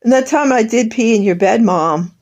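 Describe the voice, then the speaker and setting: A woman's voice: a little high, normal speed, darkish tone. An older woman in a bitter, sarcastic personal monologue, airing grievances at her absent family. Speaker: vlogger.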